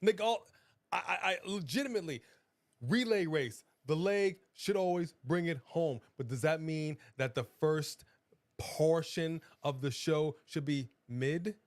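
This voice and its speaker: A man co-hosting a live wrestling watch-along in casual chat, excitable and exclaiming often. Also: a little high, a little slow, no room sound.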